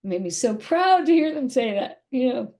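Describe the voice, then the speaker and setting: A woman's voice: sits high, big pitch swings, normal speed, dark tone. A middle-aged woman speaking candidly as an interview guest, emotional and rambling, often repeating herself.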